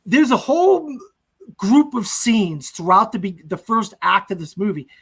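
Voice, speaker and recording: A man's voice: sits high, big pitch swings, a little slow, vocal fry, a bit bright, slightly rough. Chatty man recapping movie scenes. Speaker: podcast host. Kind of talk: casual movie discussion.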